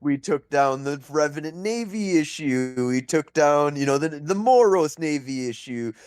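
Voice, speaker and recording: A man's voice: a little high, measured pace, clear, resonant tone, dry recording. Laughing man telling a battle story. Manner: animated storytelling, laughs often, many fillers. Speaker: podcast host. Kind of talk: casual podcast chat.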